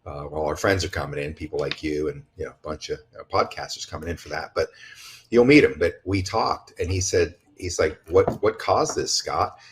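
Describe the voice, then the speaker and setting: A man's voice: rumbling low, a little fast, slight background noise. A man talking in a casual podcast conversation, blunt and emphatic, rambling with restarts and swearing freely. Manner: rambling with frequent restarts and asides. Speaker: podcast guest speaker.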